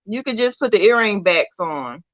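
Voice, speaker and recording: A woman's voice: mid-range voice, animated, normal speed, dry recording. A woman guest on a casual live stream, answering briefly and a little hesitantly about the earrings she makes. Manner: soft-spoken, brief replies, hesitant.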